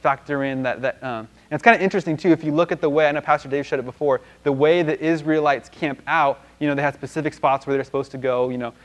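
A man's voice: a little high, steady tone, fast talker, hardly any pauses. Man casually teaching a Bible lesson. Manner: rambling and conversational, many restarts and fillers.

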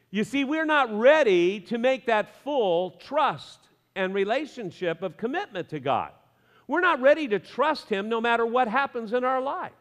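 Brief: male pastor, high voice, chatty humorous sermon, long church reverb. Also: normal speed. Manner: lively, conversational preaching with humor and asides.

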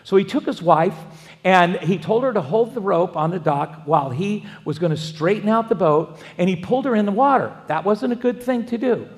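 A man's voice: high-pitched, animated, moderate pace. A man, a pastor, preaching a sermon and wandering into folksy personal stories with frequent restarts. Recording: long hall reverb.

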